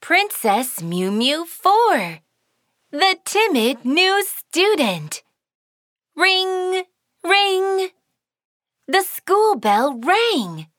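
A woman narrating a children's cartoon story in a sing-song, expressive way. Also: high-pitched, very slow, no room sound, clean studio sound.

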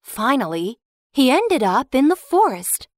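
A woman narrating a children's storybook in an expressive, slow storytelling manner. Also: sits high, no echo, clean studio sound. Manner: expressive, slow, sing-song.

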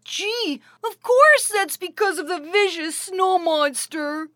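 A proud little talking ice cream hero, voiced by a woman, who sounds chirpy and dramatic. Her voice is very high and bright, and she speaks in unhurried lines, recorded dry and close for a children's audio story. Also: no echo, full character voice. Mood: excited.

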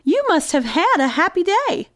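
A woman voicing a small, trusting and curious mouse in a read-aloud storybook, with high exclaiming lines. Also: very animated, normal speed, no echo, clean studio sound.

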